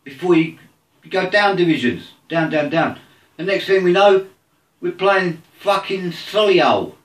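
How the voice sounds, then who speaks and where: A man's voice: high voice, expressive, a little slow, roomy sound, recorded from a distance. A man ranting angrily about his football team, swearing constantly. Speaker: football fan. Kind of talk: angry rant to camera.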